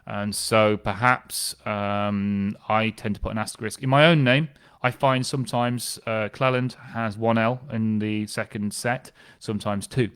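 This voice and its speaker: Male records specialist, lowish voice, chatty, enthusiastic explainer. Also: fairly even intonation, unhurried, fairly bright tone, smooth. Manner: conversational, with fillers and restarts, enthusiastic. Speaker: family history specialist. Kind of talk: explanatory talk on genealogy records.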